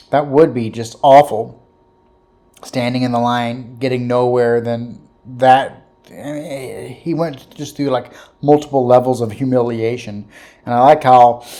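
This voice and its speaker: A reaction video host at a mid pitch, talking over a clip casually and thoughtfully. The delivery is easygoing, and soft chuckles come through now and then.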